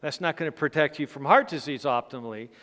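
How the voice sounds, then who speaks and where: A middle-aged man delivers a health seminar lecture in a high, smooth, resonant voice. He explains emphatically and stresses key points. The sound carries a long reverb from a church hall. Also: fast talker, a bit bright. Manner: explanatory, checks in with "Okay" and "Right?". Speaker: physician giving a health seminar.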